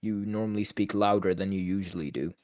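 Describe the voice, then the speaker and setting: An opinionated man talks through a movie in a loose, chatty way, leaning on "like" as he goes. His voice sits a little low. The recording is dry and slightly dull, as if made at home. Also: brisk, a little mellow, no room sound. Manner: opinionated, chatty, many "like" fillers. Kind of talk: casual movie review chat.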